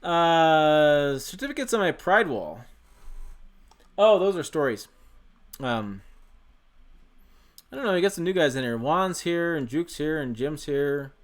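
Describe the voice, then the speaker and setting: A man's voice: fairly high pitch, lively intonation, unhurried, long pauses. A man hosting a casual livestream from a home office into a desk microphone, rambling, correcting himself and swearing casually. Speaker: channel host. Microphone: desk USB microphone.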